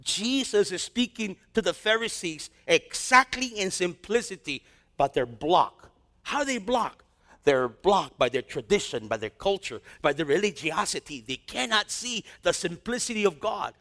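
A man with a high voice delivers a sermon as a pastor. He moves between reading scripture and lively, slangy asides, acting out little exchanges as he goes. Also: normal speed.

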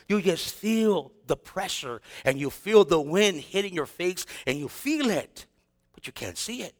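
A man preaching a sermon as pastor, casual and animated, with slang and acted-out quotes. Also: high-pitched, normal speed, in a large hall.

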